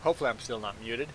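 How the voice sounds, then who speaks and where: Over background noise, a man from Belize with a mid-range voice tells a casual story as he livestreams a farming game. His telling is animated, he impersonates the people he quotes, and his repeated "I"s come out stammered.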